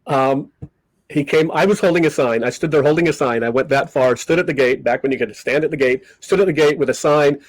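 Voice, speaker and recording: Poor audio with no room sound captures an older man's fairly high, brisk voice. A comedy magician guesting on a podcast, he tells stories in a casual interview, animatedly acting out the people he quotes.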